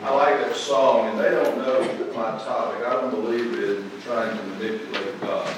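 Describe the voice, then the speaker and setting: A man delivers a folksy sermon from the pulpit of a large church sanctuary, his mid-range voice swelling into emphatic bursts. He sounds far from the mic, with heavy echo filling the hall. A steady wash of room noise sits underneath. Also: medium pitch, normal speed. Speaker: pastor.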